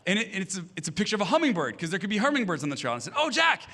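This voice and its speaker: A man's voice: high voice, big pitch swings, very fast, a bit bright. A man in his thirties preaching a sermon as pastor, telling funny family stories and acting out the voices of the people in them. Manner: humorous storytelling, acting out voices. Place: church stage.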